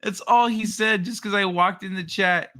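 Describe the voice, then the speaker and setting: A man's voice: high-pitched, fairly even intonation, normal speed, sharp tone. A man hosting a casual late-night livestream, telling stories with lots of swearing and laughter. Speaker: livestream host.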